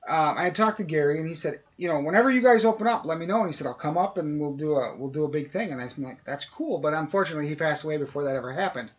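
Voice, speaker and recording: With a fairly high pitch, he speaks fast with hardly any pauses, a podcast co-host telling a long casual story and acting out quoted voices with animation. The recording is dull lo-fi.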